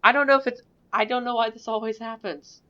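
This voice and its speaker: A woman's voice: on the high side, steady tone, a little fast, fairly bright tone. A woman giving casual, rambling, self-mocking commentary while playing a strategy game, in a dull lo-fi recording. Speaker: gaming video creator. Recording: dull lo-fi mic.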